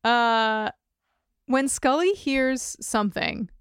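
A woman's voice: fairly high pitch, slow pace, clean tone, no room sound, studio quality. A woman co-hosting a podcast, recapping a TV episode in chatty casual talk with jokey asides and giggles. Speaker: podcast co-host.

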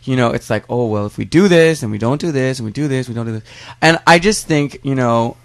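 A young man co-hosting a casual talk show, rambling and halting with many restarts. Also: mid-range voice, creaky, dry recording. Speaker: co-host. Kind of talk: casual chat.

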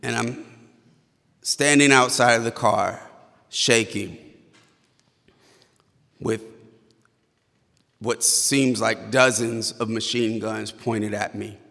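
A man tells a personal story live on stage, slow and measured, often halting and stammering. His voice has a gravelly, creaky edge. A long reverb from the hall trails each phrase. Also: lowish voice, pushed and bright. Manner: halting, stammers when tense.

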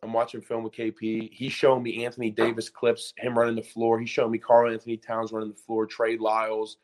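A former college basketball player in his twenties, appearing as a podcast guest, tells a story casually and with animation, filling it with "like" and frequent restarts. His voice sits in the mid range and moves fairly quickly.

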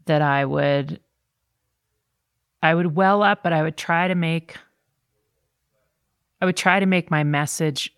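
Middle-aged woman in casual chat; animated, somewhat low voice, dry recording. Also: unhurried, long pauses, smooth, dry recording. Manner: animated storyteller, jumps into quoted voices. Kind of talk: casual conversation.

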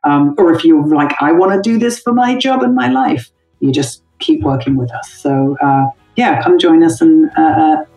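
A woman with a very low, mellow voice chatting as an interview guest. She laughs easily and talks loosely with plenty of fillers. The recording has a roomy echo around her. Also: normal speed, hardly any pauses, soft background music. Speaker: guest, intimacy director. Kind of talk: casual interview conversation.

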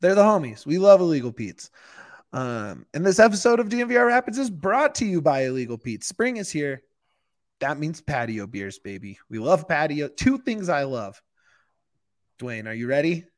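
A man's voice: fairly high pitch, sing-song, moderate pace. A man co-hosting a sports podcast, reading a sponsor ad in a casual, giggly, enthusiastic way. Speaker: podcast co-host. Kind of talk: casual ad read.

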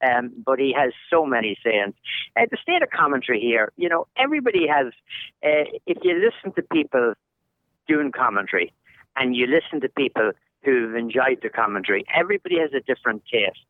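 Guesting on a casual podcast, an older soccer commentator from Ireland spins jokey stories in a sing-song, brisk voice of medium pitch. The audio comes over a dry, tinny, phone-like line with no echo.

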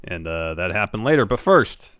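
A deep-voiced man retelling wrestling segments play by play on a casual podcast. He rambles and restarts his sentences as he goes. The recording is dry and close. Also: sing-song, normal speed, a bit bright, clear, resonant tone, no room sound. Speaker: podcast co-host. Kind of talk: casual wrestling recap chat.

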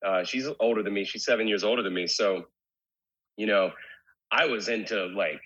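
Brief: man, low husky voice, candid rambling interview guest, slightly muffled recording. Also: normal speed, fairly bright tone. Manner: candid, rambling with many restarts. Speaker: guest, rock singer. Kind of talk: casual interview chat.

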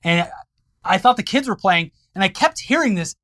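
A man's voice: high-pitched, animated, normal speed, a bit bright. A man co-hosting a comedy news podcast, cracking dry jokes and telling rambling stories. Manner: dry wisecracks and rambling anecdotes. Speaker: podcast co-host. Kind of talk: casual comedic news banter.

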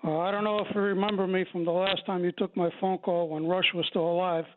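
A man's voice: high voice, little pitch movement, fast. A man calling in to a radio show, heated, combative and insulting as he rants. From New York. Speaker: caller. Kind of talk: call-in radio rant. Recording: tinny phone line with loud noise.

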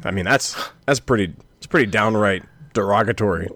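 Male sports podcast co-host, lowish voice, dry and measured, close dry mic. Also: a bit bright, dry recording. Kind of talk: casual sports chat.

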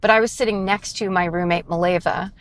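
A woman's voice: lowish voice, fairly even intonation, a little fast, no room sound. A woman co-hosting a casual chat from inside a car, laughing often as she talks. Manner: giggly, laughs often while talking. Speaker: podcast co-host.

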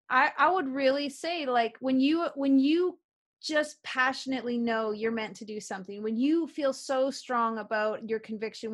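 A middle-aged woman from Canada talks on a remote interview with a fairly high, bright-sounding pitch. She tells her stories in an animated, upbeat way and keeps circling back to repeated affirmations. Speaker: guest, author and publisher. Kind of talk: casual interview chat.

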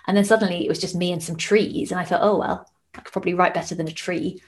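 A woman's voice: on the low side, fairly even intonation, fast talker, few pauses. A woman in her thirties, a podcast guest and author, talking in a self-deprecating way and laughing easily. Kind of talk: interview conversation.

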